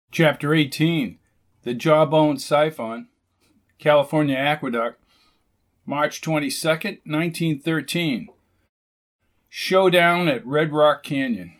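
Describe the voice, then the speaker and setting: A man narrating a science fiction audiobook with steady, measured storytelling. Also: on the high side, low-quality recording. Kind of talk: scripted narration.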